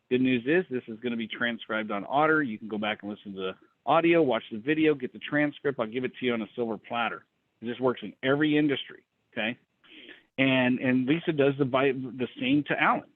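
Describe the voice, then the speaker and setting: A middle-aged man leads a business mastermind over a video call, talking fast and emphatically, repeating himself and acting out little conversations. His voice sits a bit high. The sound is thin, phone-like and dry. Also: no echo. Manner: fast, emphatic, repeats words, acts out dialogue. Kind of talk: energetic coaching rant on a video call.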